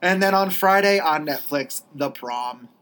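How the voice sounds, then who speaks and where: A woman's voice: sits low, animated, a little slow, fairly bright tone, smooth, rough recording. Matter-of-fact woman podcast host. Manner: matter-of-fact, runs through upcoming listings. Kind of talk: casual chat.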